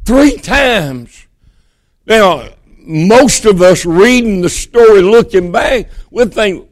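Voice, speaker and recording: A man from Georgia preaching a sermon, telling the story in a folksy way that swings between emphatic bursts and hushed, quiet moments. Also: sits high, lively intonation, slow pace, no echo.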